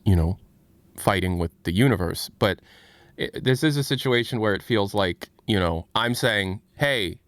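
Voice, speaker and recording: A man's voice: on the low side, normal speed, a bit bright, smooth, dry recording. An American man hosting a livestream, talking casually and frankly, often restarting his sentences. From United States. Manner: rambling, self-interrupting, frank. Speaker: livestream host.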